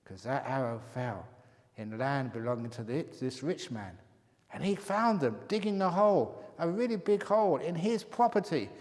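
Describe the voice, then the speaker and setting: A Buddhist monk teacher telling a story in a relaxed, chatty Dharma talk, often chuckling. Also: male voice, medium pitch, normal speed. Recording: long hall reverb.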